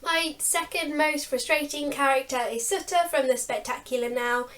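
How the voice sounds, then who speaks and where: A woman's voice: high voice, steady tone, normal speed, fairly bright tone. Chatty young woman, bookish vlogger. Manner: chatty, laughs often, exasperated about characters. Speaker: book channel co-host. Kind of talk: casual chat.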